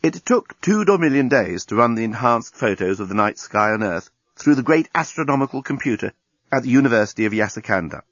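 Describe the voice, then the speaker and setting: A man narrating a storybook with a lively, expressive reading. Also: medium pitch, no room sound. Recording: dull lo-fi recording.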